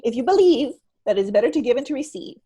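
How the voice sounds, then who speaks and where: A woman guest and stress coach talking in a conversational interview, telling stories and acting out quotes in an animated way. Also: fairly high pitch, fast talker, husky. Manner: animated storyteller, acts out quotes.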